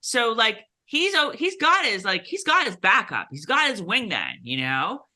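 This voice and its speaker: A woman's voice: fairly high pitch, sing-song, moderate pace, sharp tone. A woman co-hosting a casual TV recap, chatty, with many fillers and restarts. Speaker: podcast co-host.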